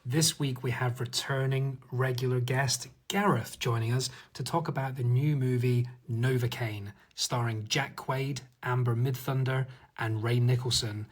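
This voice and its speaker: A man's voice: medium pitch, fairly even intonation, measured pace, hardly any pauses, no room sound. Jokey man hosting a podcast. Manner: jokey, laughing, plays with silly accents. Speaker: podcast host. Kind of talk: casual podcast chat.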